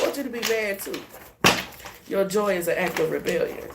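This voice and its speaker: A woman's voice: medium pitch, moderate pace. A woman tarot reader in casual spiritual talk, swearing, laughing and emphatic. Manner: profane, animated, laughing, emphatic. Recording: echoey room with faint hiss.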